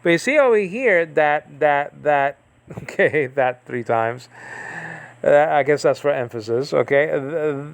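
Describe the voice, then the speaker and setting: A man's voice: fairly high pitch, animated, unhurried, gravelly, dry recording. A man giving a casual, rambling Bible study lesson, thinking aloud with many fillers and asides. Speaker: Bible teacher.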